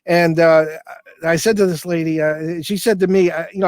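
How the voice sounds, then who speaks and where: A slightly high, steady-toned voice at a moderate pace, recorded with no echo, comes from an older man guesting on a casual storytelling interview. The paranormal investigator rambles through a long story, restarting often and leaning on fillers.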